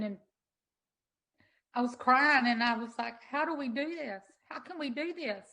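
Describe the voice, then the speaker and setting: A middle-aged woman, a guest in an interview, telling an emotional story in an earnest, halting way with many restarts. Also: fairly high pitch, fairly bright tone, rough recording. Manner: earnest, halting, repeats words when moved. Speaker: interview guest, sanctuary owner.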